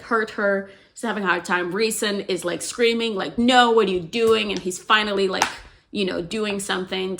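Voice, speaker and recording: A woman retelling a novel's plot in a casual, chatty way, with lots of "like" and "you know". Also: fairly low pitch. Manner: chatty and animated, heavy use of "like" and "you know". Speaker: book explainer.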